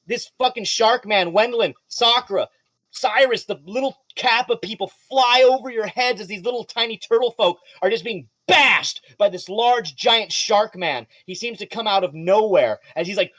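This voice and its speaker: Lively, cursing man running a tabletop game. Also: sits high, normal speed, dry recording. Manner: animated, swears freely, laughs often. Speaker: game master.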